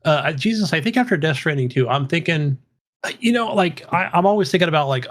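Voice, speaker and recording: A man's voice: a little high, expressive, quick pace. A man co-hosting a podcast, talking in an easygoing, laid-back way with many fillers. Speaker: podcast co-host. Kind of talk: casual podcast chat.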